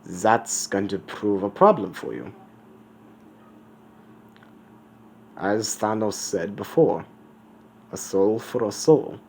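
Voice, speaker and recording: A stern floating skull guardian with a deep, booming voice and a clumsy mock German accent, put on by a man. He speaks slowly and low, with faint ambient noise behind. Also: lively intonation, dark tone. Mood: ominous. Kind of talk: fan story narration.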